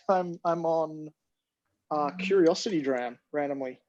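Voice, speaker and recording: A man chatting casually on a video call, making quick laughing remarks. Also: on the high side. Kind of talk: casual chat. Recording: dull video call audio.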